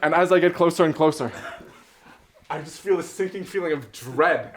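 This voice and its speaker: A man's voice: fairly high pitch, lively intonation, brisk. A man telling a comic dream story at a live poetry night, rambling with lots of fillers and laughing as he goes. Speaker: open mic storyteller.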